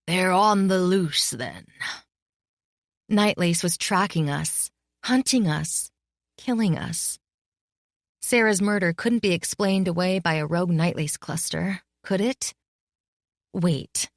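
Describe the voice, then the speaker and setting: A woman reading a novel as an audiobook narrator in a measured, close style. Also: lowish voice, no room sound. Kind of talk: scripted narration.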